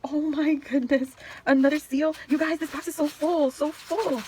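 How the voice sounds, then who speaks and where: A woman's voice: sits high, fairly even intonation, normal speed, darkish tone, a little hiss or hum. A woman vlogger chatting through a craft unboxing, gushing and exclaiming, often swooping up into squeals. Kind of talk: excited unboxing chat.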